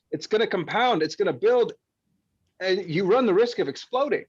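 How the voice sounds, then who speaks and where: A man coaching calmly and frankly through a stress exercise, sometimes swearing and acting out frustrated thoughts. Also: sits high, moderate pace, husky, muffled recording. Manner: frank, swears, acts out frustrated inner voices. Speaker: panel speaker. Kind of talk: casual coaching talk.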